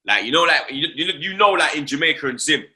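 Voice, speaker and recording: A young London man tells a story in casual chat, his voice very bright and cutting. He is full of slang and swearing, and he keeps tagging his lines with fillers as he goes. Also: a little high, expressive, quick pace. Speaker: host.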